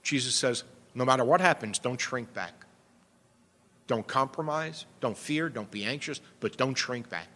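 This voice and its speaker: A man's voice: medium pitch, a bit bright. A man preaching a sermon, earnest and emphatic, asking rhetorical questions and pressing his points home. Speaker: pastor. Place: church sanctuary. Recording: long reverb of a church hall.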